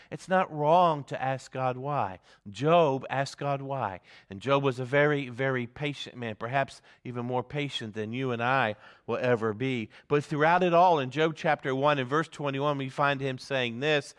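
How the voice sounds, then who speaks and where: A man's voice: mid-range voice, normal speed, fairly bright tone. A man preaching a sermon and leading a group Bible reading, earnest and given to repeating words for emphasis. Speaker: pastor.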